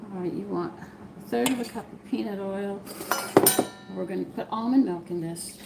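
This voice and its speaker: A woman's voice: mid-range voice, normal speed, gravelly, very noisy. Southern woman rambling through a cooking stream. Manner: rambling, drifts into personal stories while cooking. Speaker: home cooking host. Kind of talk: casual cooking live stream. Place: home kitchen. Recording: kitchen clatter of dishes and cutlery.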